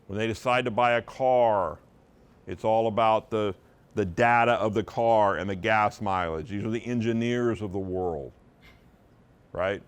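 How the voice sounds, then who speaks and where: A man's voice: fairly low pitch, unhurried, smooth. Emphatic male seminar presenter. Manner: emphatic, conversational, uses vocal intonation for emphasis. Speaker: sales trainer for real estate agents.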